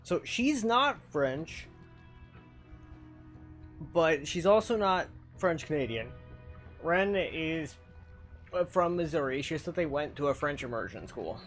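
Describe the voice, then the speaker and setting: A man streaming a game and chatting casually, swinging between mumbling and loud, swearing exclamations. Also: fairly high pitch, expressive, slow pace, pauses often, soft background music.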